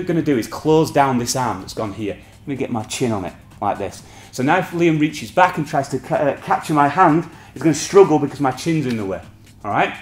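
A man's voice: mid-range voice, echoey room. A man teaching a martial arts technique on a partner, explaining each step and checking in with frequent "okay?"s. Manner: explanatory, keeps checking with "okay?" and "all right?".

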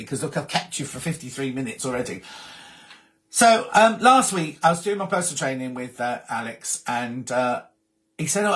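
A man hosting a laid-back live stream and reading viewers' messages aloud. His voice sits a little high for a man. He rambles cheerfully, cuts himself off and wanders between topics. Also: a bit bright. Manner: chatty, rambling, breaks off mid-sentence. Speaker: host.

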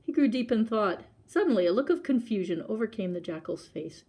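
A woman's voice: mid-range voice, lively intonation, a little fast, slightly rough. Woman reading a picture book aloud. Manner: chatty asides with soft laughs. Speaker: librarian. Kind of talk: storytime read-aloud.

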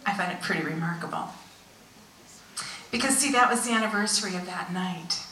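A woman, a visiting pastor, telling a story in a sermon with animated delivery that drops to hushed tones for emphasis. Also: mid-range voice, normal speed, long pauses, slight background noise. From United States. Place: church hall. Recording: echoey church hall, voice from far off.

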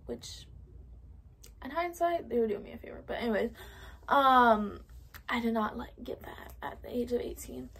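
A woman's voice: on the high side, very animated, moderate pace, long pauses, fairly bright tone, slightly rough. A woman in her late teens from California telling a casual, profane storytime, full of fillers and whispered asides. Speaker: vlogger. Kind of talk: storytime vlog.

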